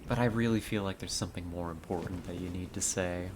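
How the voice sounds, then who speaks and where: A man's voice: low voice, steady tone, quick pace, background noise. A man giving casual, emotional let's-play commentary into a headset, chatting and laughing often as he reacts to the game. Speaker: game streamer.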